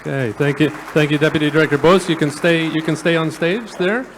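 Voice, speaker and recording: A man's voice: on the high side, fairly even intonation, brisk, noisy background. A man moderating an event, politely calling guests onto the stage and making announcements. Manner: polite, inviting people on stage.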